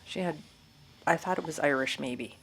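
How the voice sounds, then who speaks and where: Woman w lowish voice, laughs easy, faint room hum behind. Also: moderate pace, a bit bright. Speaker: co-host. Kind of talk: casual chat.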